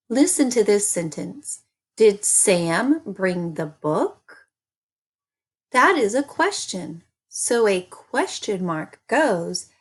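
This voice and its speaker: A woman teaching an early-grade reading lesson, speaking slowly and deliberately and repeating little chants for children. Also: medium pitch.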